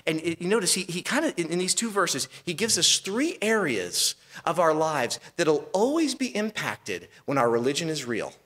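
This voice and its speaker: A man's voice: on the high side, big pitch swings, normal speed, a bit bright. A man preaching a sermon as pastor, asking rhetorical questions and restarting phrases as he goes.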